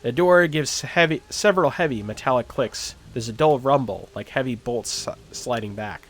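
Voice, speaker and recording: A man's voice: mid-range voice, moderate pace, a little hiss or hum. A man streaming a game live, reading its text aloud and chatting about his choices.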